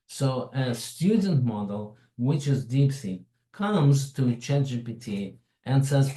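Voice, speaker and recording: A man's voice: medium pitch, lively intonation, slow, few pauses, mellow, reverberant, rough recording. A man with a foreign accent presenting a tech webinar in a chatty, digressive way, with frequent asides. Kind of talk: informal tech webinar talk.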